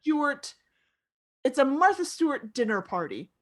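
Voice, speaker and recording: A woman co-host in loose comedic podcast chat, with a slightly high voice. She talks in an exuberant, self-mocking way and breaks into excited yelps. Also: normal speed.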